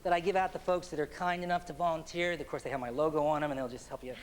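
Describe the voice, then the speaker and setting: A man performing as a stage hypnotist, moving from upbeat showman banter to slow, soothing hypnotic suggestions on stage. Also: a little high, fairly even intonation, slight background noise. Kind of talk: live hypnosis stage show. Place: stage before a live audience. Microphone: handheld microphone. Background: audience laughter and applause.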